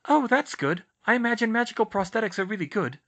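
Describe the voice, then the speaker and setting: A man's voice: sits high, animated, fast, a bit bright, voice pushed up, heavily acted. A man voicing a nervous, eager teenage girl.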